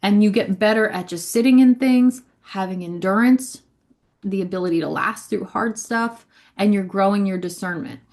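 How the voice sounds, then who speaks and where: Speaking at a moderate pace with a darkish, mid-range voice, this ministry leader delivers an informal spiritual lesson. Her style is talkative and repetitive, full of "like" and frequent "right?" check-ins.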